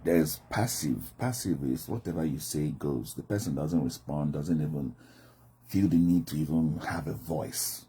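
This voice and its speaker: A man's voice: very deep voice, a little slow, dark tone, slightly rough. A man from Nigeria giving a reflective monologue about communication styles, often acting out quoted voices. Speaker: commentator.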